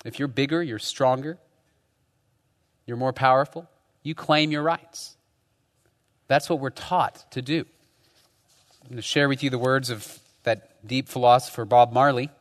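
A man's voice: medium pitch, steady tone, a little slow, pauses often, long reverb tail. A man preaching a sermon as pastor, talking conversationally and often tagging his points with rhetorical questions. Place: church.

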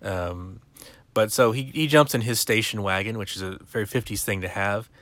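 Low-voiced man recapping, full of uhs. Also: moderate pace, a bit bright, no echo. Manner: rambling, filler-heavy, wry asides. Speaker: podcast host. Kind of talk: casual episode recap.

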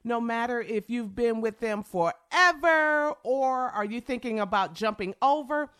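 A woman's voice: fairly high pitch, lively intonation, a little slow, fairly bright tone, clean tone, no echo, studio quality. Chatty woman radio co-host. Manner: chatty, upbeat. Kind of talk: read advertisement.

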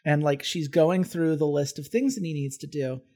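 A man's voice: a little high, moderate pace, dark tone. A man co-hosting a film podcast, chatting casually and enthusiastically, rambling with restarts. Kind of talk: casual film review chat.

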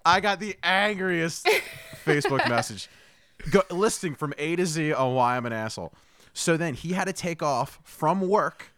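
A man in casual podcast chat, telling a profane, animated story with lots of laughter. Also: on the high side, no echo.

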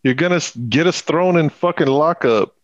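A man's voice: a little high, moderate pace, no echo, dull audio. A man hosting a podcast, pushing and teasing his co-host in profane casual banter, laughing often. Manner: pushy, teasing, swears freely, laughs often.

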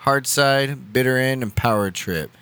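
A man's voice: medium pitch, unhurried, fairly bright tone, clean tone. A man on a podcast, casually recounting a night out in rambling, profanity-laced talk full of fillers. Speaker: podcast co-host. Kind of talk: casual chat.

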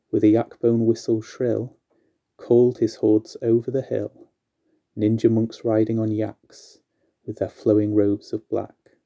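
A man reading aloud a long rhyming story poem in a measured, steady recitation. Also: fairly low pitch, creaky.

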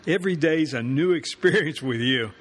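A man co-hosting a home-improvement radio show, easygoing and quick to laugh, reading listener mail. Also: a little high. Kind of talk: scripted comedy banter.

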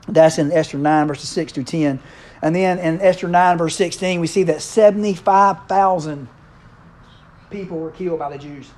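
High-voiced preacher with a drawl. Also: male voice, darkish tone. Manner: playful, acts out characters' lines in quick voices. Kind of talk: casual conversational sermon.

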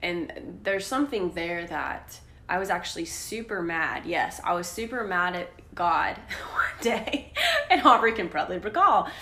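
A young woman chatting on a faith podcast with a bright, forceful voice. She tells her stories candidly and with animation. The room around her is echoey. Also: on the low side, measured pace. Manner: candid, animated storytelling with laughs. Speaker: podcast co-host. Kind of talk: casual faith podcast chat.

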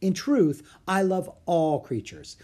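A talkative, warmhearted old genius in a storybook, speaking in a gracious, stately way as the reader puts him on. The voice is slightly husky and moves freely in pitch. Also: big pitch swings, slow pace.

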